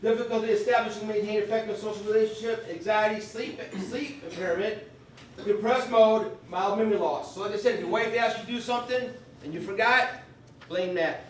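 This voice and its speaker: A high-voiced man briskly presents a live veterans benefits class in a convention meeting room, emphatic and folksy, frequently saying "okay?". The mic is distant, the room echoes, and there's a little hiss or hum.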